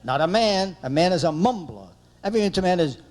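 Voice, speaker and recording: Comedian guy telling jokes, high voice, swoops all over. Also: brisk. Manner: animated storytelling, punchy setups. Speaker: stand-up comedian. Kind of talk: stand-up routine.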